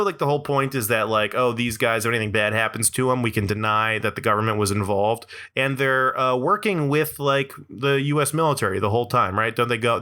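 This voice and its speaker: A young man hosts his own podcast, delivering a rambling, sarcastic comedic monologue and laughing between lines. His voice sits in the mid range with a sharp tone.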